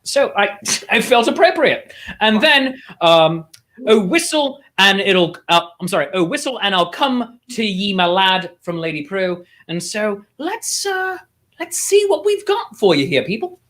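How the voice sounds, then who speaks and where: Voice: mid-range voice, very animated, measured pace, fairly bright tone. A playful host chatting casually and teasing the guests at an online festival over a video call.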